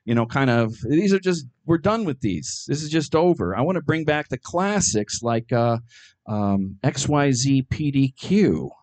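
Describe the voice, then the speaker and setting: A middle-aged man performing stand-up, telling absurd jokes with a deadpan, hesitant delivery full of ums. His pitch swings widely from low mutters to sudden high bursts. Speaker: stand-up comedian. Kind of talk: stand-up comedy set.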